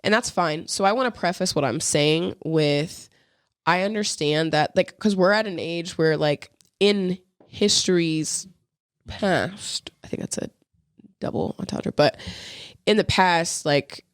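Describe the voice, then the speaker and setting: Gravelly young adult podcast co-host. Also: mid-range voice, a little slow, no echo, studio quality. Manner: rambling, swearing, slangy, acts out quoted lines. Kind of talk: casual chat.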